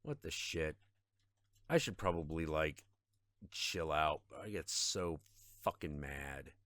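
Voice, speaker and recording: A man's voice: rumbling low, slow, a bit bright, dry recording. A man streaming a video game, ranting in frustration with plenty of swearing and repeated half-finished phrases. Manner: trails off into mutters and repetitions. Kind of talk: casual gaming stream chat.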